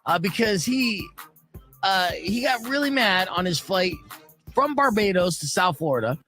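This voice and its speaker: Brief: male morning radio host, lively up-and-down pitch, jokey storytelling, faint music under. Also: unhurried.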